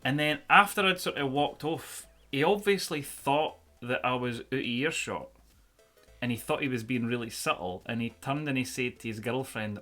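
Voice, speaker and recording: Scottish guy in his 30s chatting on stream, swears a lot, rambles, bit of music low behind him. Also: moderate pace, bright, forceful tone. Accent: Scottish, central belt between Glasgow and Edinburgh. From Scotland. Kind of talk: casual chat during a live stream.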